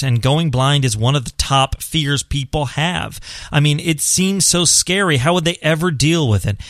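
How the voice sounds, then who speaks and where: A blind adult man, father to a son, gives casual advice to visually impaired viewers in an earnest, encouraging monologue, often repeating points for emphasis. His mid-range voice is a bit bright, recorded in studio quality with no echo.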